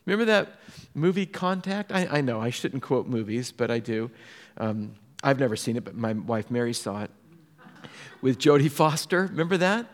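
Storytelling pastor in an echoey hall. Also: male voice, mid-range voice, lively intonation, normal speed. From Southern California. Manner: storytelling, drops to a soft hush for emphasis. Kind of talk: sermon.

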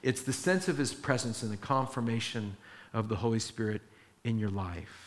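A man's voice: fairly low pitch, moderate pace. A man preaching a sermon, retelling a story with acted-out quotes and earnest, emphatic teaching. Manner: animated storytelling, acting out quoted voices. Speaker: pastor.

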